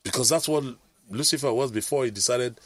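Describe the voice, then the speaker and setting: A man's voice: medium pitch, a little fast, no echo. A middle-aged man, telling rambling stories in casual chat, with preachy asides.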